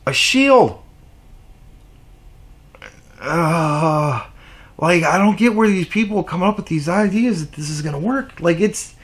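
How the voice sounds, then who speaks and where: A man delivering an exasperated, profane opinion rant on his vlog, with sarcastic asides. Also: high voice. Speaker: vlogger.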